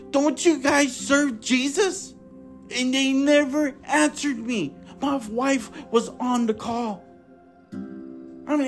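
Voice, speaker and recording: A man hosting his own podcast, preaching in an impassioned monologue, fervent and repetitive, with emphatic, sometimes tearful stresses. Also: very high voice. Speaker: podcast host.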